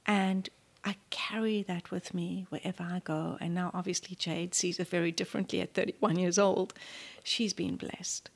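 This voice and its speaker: Animated South African woman telling a story. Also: fairly low pitch, normal speed, creaky. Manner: animated storyteller, acts out quotes, drops to near-whispers. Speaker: guest. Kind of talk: storytelling interview.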